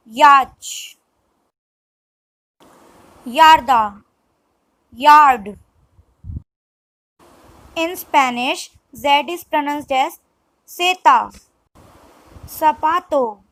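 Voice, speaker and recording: A woman tutor reading a scripted vocabulary drill, one word at a time, slow and deliberate. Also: high voice, fairly bright tone, no echo, poor audio. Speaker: language tutor.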